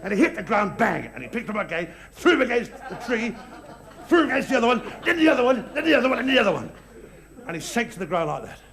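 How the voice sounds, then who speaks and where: A man's voice: very high-pitched, big pitch swings, fast, crowd noise. A man doing a live stand-up routine, stumbling over words and giggling at his own jokes. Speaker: stand-up comedian. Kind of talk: live stage comedy routine. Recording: live stage, loud audience laughter.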